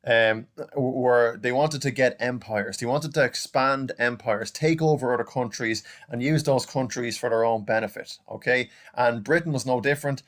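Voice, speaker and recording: A man's voice: mid-range voice, normal speed, few pauses. A young adult man with an Irish accent, teaching a recorded online lesson in a chatty way, often saying "okay" and "guys". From Ireland.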